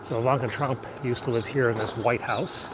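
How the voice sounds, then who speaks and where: A man's voice: mid-range voice, fairly even intonation, brisk. A man streaming live as he bikes along city streets, chatting with his viewers and thinking aloud as he goes. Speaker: livestreaming vlogger. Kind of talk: live-streamed tour while biking. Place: outdoors on a city street while riding a bike. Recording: outdoor phone stream with loud street noise. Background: street ambience and traffic.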